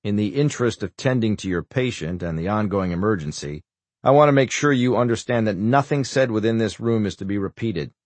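A man's voice: lowish voice, animated, a little fast, a little mellow, dry recording. A man voicing a stern, commanding male federal agent in an audiobook. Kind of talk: audiobook character voice.

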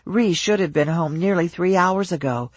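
An audiobook narrator reading a novel in an even, measured storytelling voice. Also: mid-range voice, slightly rough, dry recording.

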